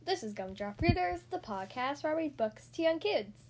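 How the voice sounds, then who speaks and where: A woman's voice: high-pitched, expressive, normal speed, darkish tone. A woman hosting a podcast where she reads storybooks aloud to young children, friendly and talking straight to her listeners. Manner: friendly, addresses listeners as guys. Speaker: podcast host reading to kids.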